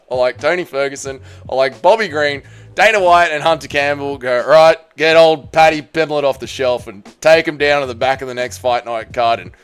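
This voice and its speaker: Male MMA host: irreverent, joking, lively delivery over faint background music. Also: fairly high pitch. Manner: joking, irreverent, trailing off and restarting. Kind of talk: casual ranking rant.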